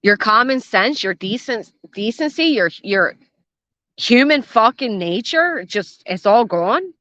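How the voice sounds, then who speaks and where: A woman's voice: fairly high pitch, lively intonation, slow pace, sharp tone, no room sound. An older woman hosting a reaction commentary channel, blunt, sarcastic and swearing freely, recorded outdoors by a garden fence. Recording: dull, dry lo-fi sound.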